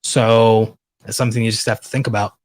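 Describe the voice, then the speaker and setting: A man's voice: lowish voice, level tone, a little fast. A man hosting a livestream, reading viewer questions aloud and answering them in a direct, casual way. He says he is losing his voice. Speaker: livestream host.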